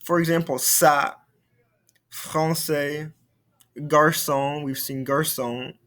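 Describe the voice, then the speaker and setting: A man's voice: a little high, steady tone, slow, a bit bright. A male French teacher giving a recorded video lesson, explaining patiently and repeating key points.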